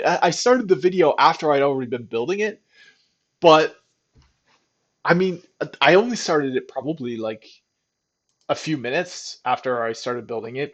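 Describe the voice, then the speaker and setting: A man giving casual, rambling commentary while testing an app he built, excited and full of restarts. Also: a little high. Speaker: programmer testing his own app. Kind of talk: casual screen-recording commentary.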